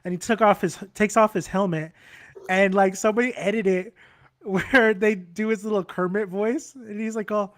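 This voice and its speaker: A man's voice: high-pitched, fairly even intonation, moderate pace. A young man hosting a casual chat about football, rambling, laughing and swearing freely. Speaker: channel host.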